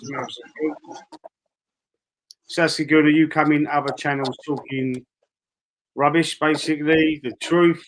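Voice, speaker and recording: A man hosting a live fan stream, calmly reading out chat and moderating. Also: fairly high pitch, a little slow, pauses often, slight background noise, rough recording. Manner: easygoing, reads chat aloud. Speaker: stream host.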